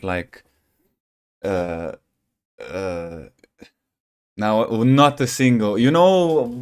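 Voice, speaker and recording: Rambling young man streaming, slightly low voice. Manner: rambling, jokey, says "bro" a lot, bursts of laughter. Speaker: gaming streamer. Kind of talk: casual live-stream chat.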